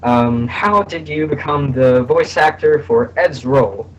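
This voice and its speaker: A young man in a casual interview over a voice call, halting and full of restarts, his voice a bit hoarse. The sound is dull and lo-fi with a faint hiss behind him. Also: medium pitch. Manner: halting, many fillers and restarts. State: slightly hoarse, a little sick. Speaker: voice actor guest.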